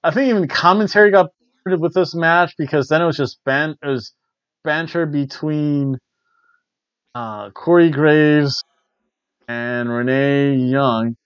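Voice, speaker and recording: Slow-talking man, rambling wry reviewer. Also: a little high, smooth, no echo. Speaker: wrestling review host. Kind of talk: casual chat. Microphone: cheap worn lapel mic. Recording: dull lo-fi cheap lapel mic.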